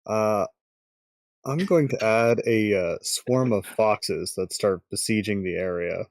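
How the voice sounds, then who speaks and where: A man playing a tabletop game who talks in a hesitant, deadpan way. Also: fairly low pitch, takes it slowly, no echo, clean studio sound. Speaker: player. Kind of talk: casual tabletop chat.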